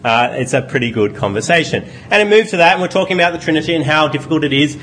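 A man's voice: on the high side, lively intonation, very fast, fairly bright tone, slight background noise. A man preaching a sermon in a conversational way, asking his listeners rhetorical questions. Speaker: pastor.

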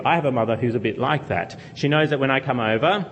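A man's voice: mid-range voice, fast talker, few pauses, a bit bright, slight background noise. Earnest preacher man, echoing hall. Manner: earnest expository teaching with rhetorical questions. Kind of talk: sermon. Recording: long hall reverb.

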